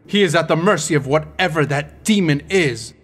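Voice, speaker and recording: A man voicing a cautious male advisor giving measured counsel to a queen. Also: on the high side, lively intonation.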